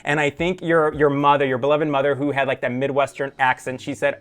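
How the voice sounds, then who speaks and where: A man hosting a podcast interview, enthusiastic and full of quick affirmations. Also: medium pitch, little pitch movement, a bit bright. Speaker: podcast host. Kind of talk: casual interview.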